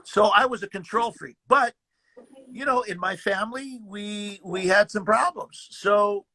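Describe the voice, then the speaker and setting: A guest actor, an older man, tells stories casually and with animation, acting out the lines of the people he mentions. His high, gravelly voice has a husky, bright edge, and he keeps a measured pace while often repeating words.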